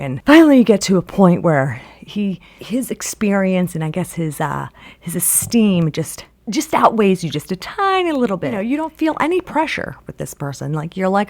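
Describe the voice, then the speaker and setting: A woman's voice: lowish voice, very animated, moderate pace, creaky, darkish tone. A woman telling a long story in a casual, rambling way, full of filler words.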